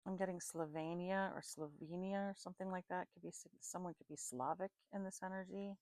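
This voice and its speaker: Tired woman with a low, gravelly voice. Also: steady tone, a little fast, darkish tone, no room sound. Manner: free-associating, laughing at her own slips. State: tired, sleepy. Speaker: psychic reader. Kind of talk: casual psychic reading vlog.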